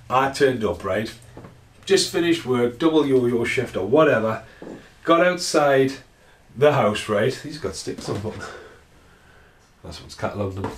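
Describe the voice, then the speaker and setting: A man, talking casually to camera in a rambling, sweary way at home. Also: mid-range voice. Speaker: vlogger. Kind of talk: casual ranting vlog. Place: at home indoors. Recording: roomy echo.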